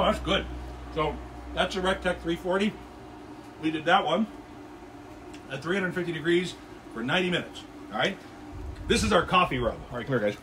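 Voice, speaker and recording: An upbeat, jokey man hosts a casual backyard cooking livestream and keeps up a running chat with his viewers. His voice sits a bit high and swings up and down a lot. Steady outdoor noise and sizzling from the grill are heard clearly behind him. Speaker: grill show host.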